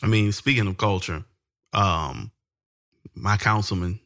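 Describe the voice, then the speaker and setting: A man with a fairly low voice co-hosts a laid-back podcast. He tells stories easily and pauses often on fillers. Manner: relaxed storytelling, frequent fillers. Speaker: podcast co-host. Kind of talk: casual podcast chat.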